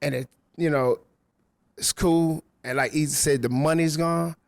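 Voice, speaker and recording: A man's voice: on the high side, steady tone, measured pace, creaky, no echo. A man who works as a radio DJ, talking casually in a loose, slangy storytelling way. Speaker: radio DJ guest. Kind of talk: casual chat. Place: rooftop venue.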